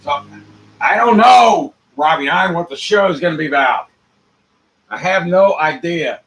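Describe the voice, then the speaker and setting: A man's voice: a little high, normal speed, poor audio. Rambling man muttering and rhyming. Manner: free-associating, rhyming wordplay, swings between muttering and loud outbursts. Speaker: show host. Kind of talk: rambling solo monologue.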